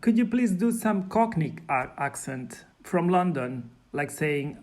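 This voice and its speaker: A man speaking casually, halting and repeating his words as he makes requests. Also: fairly high pitch, expressive, darkish tone. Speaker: video creator talking to an AI.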